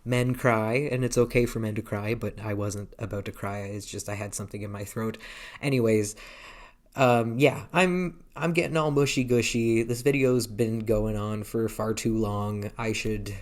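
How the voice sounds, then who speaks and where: A man's voice: lowish voice, fairly even intonation, moderate pace. Hesitant man in his thirties vlogging. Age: 30s. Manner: hesitant, rambling, many restarts. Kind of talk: casual vlog talk. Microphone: handheld camera.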